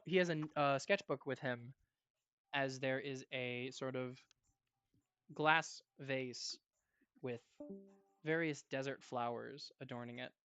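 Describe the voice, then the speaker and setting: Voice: medium pitch, clear, resonant tone, no echo. Laid-back game master over a call. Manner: relaxed, filler-heavy narration. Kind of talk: narrating a tabletop game. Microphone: online voice call. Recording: muffled online call audio.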